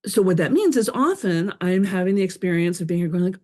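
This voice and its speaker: A woman's voice: on the low side, lively intonation, fairly quick, hardly any pauses, mellow. A woman guest on a podcast, an author, talking candidly and expressively, acting out her own thoughts in quoted asides. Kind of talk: conversational interview.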